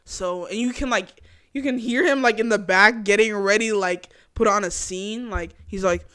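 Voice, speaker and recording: A young woman hosting her own chat show, reacting in a casual, animated, slangy way and laughing often. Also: mid-range voice, moderate pace, no room sound, studio quality. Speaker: podcast host.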